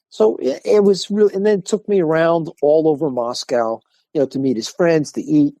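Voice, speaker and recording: An older man, a martial arts instructor, telling lively stories in a podcast interview and acting out the people he quotes. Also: fairly high pitch, moderate pace, no room sound. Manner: animated storyteller acting out quoted voices.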